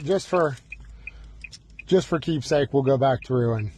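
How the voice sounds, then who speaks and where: A man's voice: mid-range voice, a little slow, darkish tone, slight background noise. A man demonstrating car key programming from inside a vehicle, talking through each step with bursts of mock panic. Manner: exaggerated mock panic, fretful exclamations.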